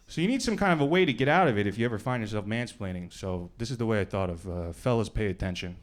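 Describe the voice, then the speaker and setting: A male stand-up comedian from New York doing a club set in a conversational, deadpan style with bursts of acted voices. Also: fairly low pitch, fast. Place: comedy club stage before a live audience. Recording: live club recording with audience noise.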